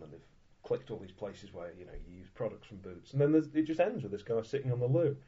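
A man's voice: mid-range voice, sing-song, quick pace, mellow. A man playing a tabletop game, chatting in a wry, amused way. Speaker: player. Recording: muffled lo-fi, group laughter behind.

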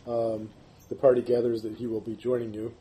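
A man's voice: mid-range voice, flat delivery, fairly quick, dark tone, a little hiss or hum, rough recording. A man acting as game master, hesitantly narrating a scene with frequent fillers.

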